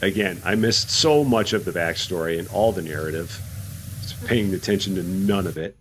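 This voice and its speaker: A man casually commenting to his chat while playing a video game, musing aloud and rising in pitch when surprised. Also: moderate pace, a little hiss or hum. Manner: chatty, talks to himself and chat, animated rises in pitch. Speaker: streamer.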